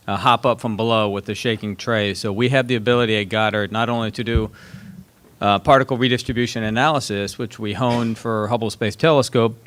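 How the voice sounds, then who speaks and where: Smooth low-voiced panel speaker. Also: male voice, a bit bright. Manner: friendly and affirming, repeats phrases. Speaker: panelist answering audience questions. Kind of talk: conversational answers at a panel.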